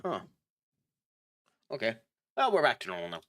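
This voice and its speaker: Bright-voiced Irish man chatting on stream. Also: mid-range voice, wildly swooping pitch, normal speed. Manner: chatty, talks to viewers while playing. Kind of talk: casual live-stream chat.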